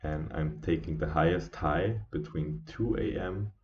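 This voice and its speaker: Very deep, slow, sleepy-sounding man. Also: a little mellow, slight background noise. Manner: tired, halting, with many fillers and restarts. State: sleepy, yawning. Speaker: trading stream host. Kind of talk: casual live trading commentary. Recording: dull lo-fi stream audio.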